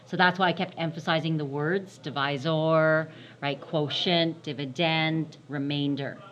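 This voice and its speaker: Woman math teacher, lowish voice, keeps saying right? and repeating the key words. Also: steady tone, normal speed, lo-fi sound. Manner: repeats and stresses key terms, checks with "right?". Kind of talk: recorded classroom math lesson.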